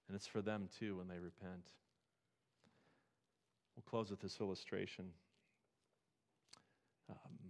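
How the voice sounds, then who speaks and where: A man preaching a sermon, telling stories and moving between quiet, reflective passages and loud, emphatic ones. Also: lowish voice. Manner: storytelling, swings from quiet to emphatic.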